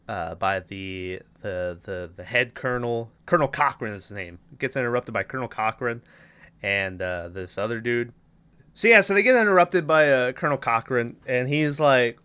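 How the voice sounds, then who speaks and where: Bright, clear-voiced man recapping a movie. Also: mid-range voice, animated, normal speed. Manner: rambling, swears, acts out movie lines. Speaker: podcast host.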